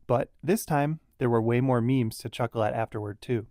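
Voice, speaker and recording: Male podcast host, mid-pitched, measured scripted read, dry close mic. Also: mellow, no room sound. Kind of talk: scripted narration.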